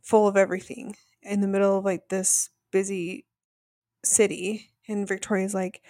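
A woman's voice: mid-range voice, level tone, normal speed, mellow, no room sound, clean studio sound. A woman co-hosting a podcast, casually and animatedly retelling a reality show episode, saying "like" often. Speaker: podcast co-host.

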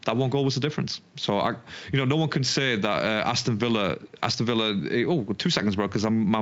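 Halting man with a low voice, lo-fi. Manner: halting, repeats and restarts often. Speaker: podcast co-host. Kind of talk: casual chat. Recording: dull lo-fi sound.

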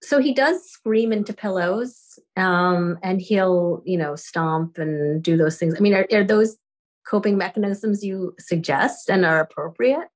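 A mother asking for parenting advice, speaking hesitantly with frequent restarts and soft laughs. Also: medium pitch, unhurried. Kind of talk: conversation.

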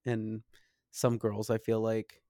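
A man's voice: lowish voice, monotone, takes it slowly, warm tone, no room sound, clean studio sound. A man co-hosting a podcast, chatting casually in a gossipy, rambling way with lots of fillers. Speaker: podcast co-host. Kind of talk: casual chat.

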